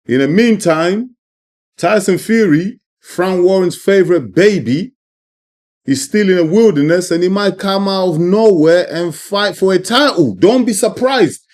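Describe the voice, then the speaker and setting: Emphatic man, somewhat high voice. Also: unhurried, a little mellow. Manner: emphatic, repeats points, ends lines with "man" and "you know what I mean". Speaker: boxing channel host. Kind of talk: opinionated sports commentary vlog.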